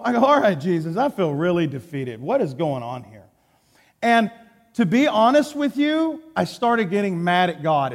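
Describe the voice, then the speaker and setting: A man with a Texan accent preaching a sermon, telling a personal story and acting out his own words, going from hushed to shouting. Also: high-pitched. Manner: animated, acts out quotes, swings from hushed to shouting. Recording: long hall reverb.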